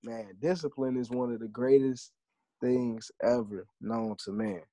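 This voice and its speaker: A man's voice: mid-range voice, fairly even intonation, measured pace, warm tone. A young man hosting a podcast in a hype, joking, slangy way. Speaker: podcast host. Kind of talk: casual podcast chat.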